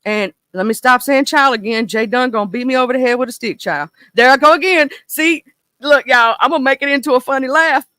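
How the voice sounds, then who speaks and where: A woman in her thirties with a Mississippi Southern accent, hosting a casual livestream chat in a goofy, animated, rambling way. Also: high voice, brisk, dry recording. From small town in northern Mississippi, USA. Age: 30s. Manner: goofy, animated, talkative, goes off on tangents. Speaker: livestream host.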